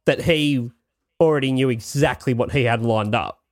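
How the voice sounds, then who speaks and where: A man's voice: medium pitch, normal speed, no echo, studio quality. A man co-hosting a podcast, rambling and restarting his thoughts in casual banter. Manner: rambling, many fillers and restarts. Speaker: podcast co-host.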